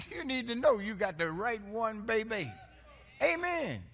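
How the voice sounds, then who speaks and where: A man's voice: very high voice, big pitch swings, slow pace, fairly bright tone. A male pastor preaching a sermon with call-and-response, playful and laughing with the congregation.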